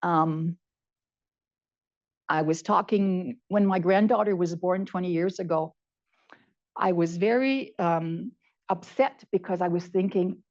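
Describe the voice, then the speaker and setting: A woman's voice: on the low side, takes it slowly, long pauses, a little mellow, lo-fi sound. A woman in her seventies giving a heartfelt personal talk, repeating words for emphasis. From Canada. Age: 70s. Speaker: conference speaker.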